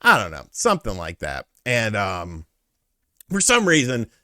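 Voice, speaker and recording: A man hosting a casual interview, telling stories in an animated, profane way. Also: lowish voice, measured pace, dry recording, clean studio sound. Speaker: host.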